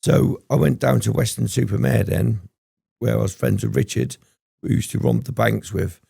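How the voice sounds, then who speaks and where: A man's voice: on the low side, moderate pace, creaky, dark tone, breathy edge, no echo, studio quality. A man telling his story as a podcast guest, rambling and swearing often, with frequent ums. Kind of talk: candid storytelling interview.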